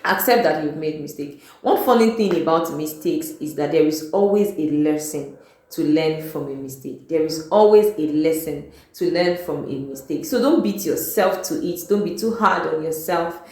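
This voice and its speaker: A woman's voice: low-pitched, a little mellow. A Nigerian woman giving a motivational talk to camera on her channel, earnest and repeating her key points. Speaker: vlogger. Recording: very echoey room.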